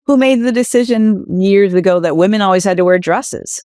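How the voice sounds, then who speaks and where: A woman's voice: medium pitch, fairly quick, warm tone, no room sound, studio quality. A middle-aged woman executive, a guest in an interview, speaking emphatically and asking rhetorical questions. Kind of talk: candid interview conversation.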